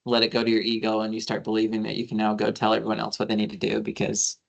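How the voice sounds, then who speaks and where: A man's voice: on the low side, monotone, very fast, creaky. A man, an attorney, giving a casual training talk, telling anecdotes with quoted dialogue and frequent fillers. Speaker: attorney leading a civic training.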